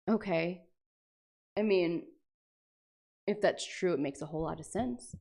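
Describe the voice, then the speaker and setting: A young woman chats on her livestream, reading passages aloud and breaking off with animated, sweary jokes. Her talk is loose and casual, with quick reactions to the text. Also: fairly low pitch, vocal fry. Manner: animated, swearing, jokey asides. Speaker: streamer.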